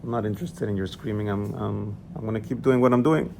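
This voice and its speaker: A man's voice: lowish voice, fairly even intonation, fast, creaky, a little hiss or hum. A man doing a stubborn young devout husband. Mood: defiant. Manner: quiet, insistent.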